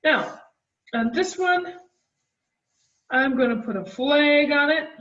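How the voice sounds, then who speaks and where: Art teacher lady drawing for kids, slow and gentle, a bit high, kinda far off in a roomy echoey space. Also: animated. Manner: gentle, encouraging, talks while drawing. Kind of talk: drawing demonstration for children. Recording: dull, roomy, from the mic.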